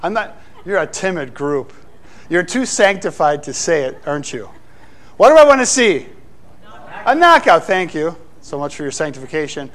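Male pastor, middle-aged, high-pitched voice, preaching with animated, playful asides. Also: moderate pace. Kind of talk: sermon.

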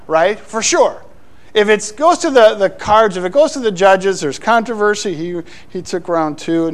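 Male pastor, middle-aged, high-pitched voice, preaching with animated, playful asides. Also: a little fast. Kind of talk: sermon.

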